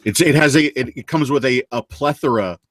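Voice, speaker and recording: A man co-hosting a casual podcast, speaking haltingly with many fillers and cracking jokes. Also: mid-range voice. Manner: halting, lots of ums, wisecracking. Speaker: co-host.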